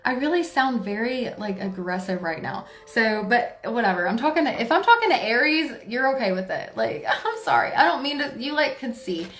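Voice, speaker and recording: Brief: a high-voiced woman, a tarot reader, forceful and excitable, recorded in a roomy space with faint music. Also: normal speed, few pauses. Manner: forceful and excitable, laughs often. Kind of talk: casual tarot reading to camera.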